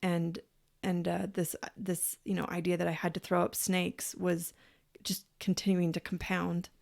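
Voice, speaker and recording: A woman co-hosting a podcast, telling a personal story in a casual, animated way, acting out what people said and swearing freely. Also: lowish voice, measured pace, vocal fry. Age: parent, adult. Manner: animated, acts out quoted voices. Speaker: podcast co-host.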